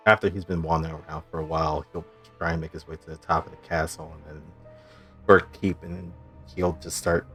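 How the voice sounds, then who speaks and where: A man's voice: rumbling low, fairly bright tone, husky. A man playing a tabletop game, describing his character's actions casually and hesitantly. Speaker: player.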